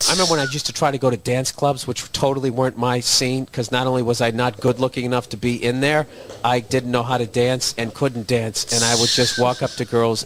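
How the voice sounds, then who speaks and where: A man's voice: mid-range voice, noisy background. A man doing a crude, swaggering comedic rant as a solo podcast host, swearing freely and laughing at his own jokes.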